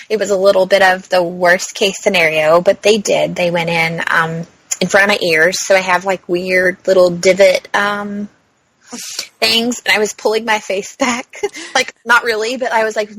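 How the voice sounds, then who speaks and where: A young adult woman co-hosting a podcast, chatting casually and acting out quotes with big jumps in pitch, swearing freely. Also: steady tone, measured pace, fairly bright tone, no room sound, rough recording. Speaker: podcast co-host. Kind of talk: casual chat.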